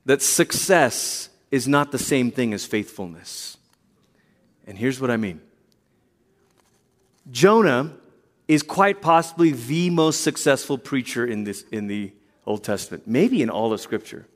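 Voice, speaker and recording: A male pastor preaching a sermon in a church, telling stories in an animated way and acting out quotes. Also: medium pitch, measured pace, pauses often, big-room sound.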